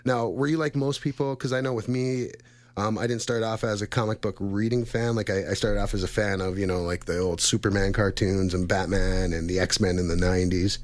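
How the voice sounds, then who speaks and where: A man's voice: lowish voice, steady tone, brisk. A man in his thirties co-hosting a radio show, chatting casually in a rambling, friendly way and laughing often. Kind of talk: casual chat.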